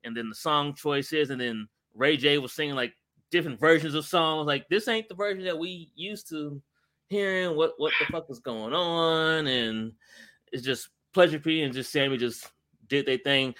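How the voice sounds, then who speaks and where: A man's voice: a little high, normal speed, pushed and bright. A man co-hosting a casual chat, telling stories animatedly and laughing often. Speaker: podcast co-host.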